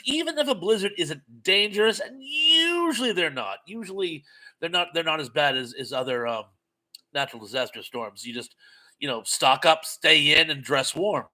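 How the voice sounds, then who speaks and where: An older man from New England hosting a live stream, reading the chat and rambling through stories on a headphone mic. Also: a little high. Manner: chatty, rambling storyteller with lively swings. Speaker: livestream host reading chat.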